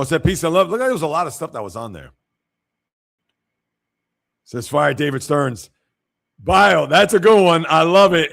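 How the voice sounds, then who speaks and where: A man's voice: mid-range voice, creaky, fairly bright tone. A man hosting a casual sports livestream, giving blunt opinions and reacting to viewer comments. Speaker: sports show host.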